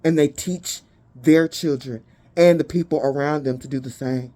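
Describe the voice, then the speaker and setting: A woman gives a spiritual tarot reading with a warm, mellow tone. She talks in a blunt, emphatic way and swears freely. She reads out lists of keywords slowly and deliberately. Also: deep voice. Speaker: tarot reader.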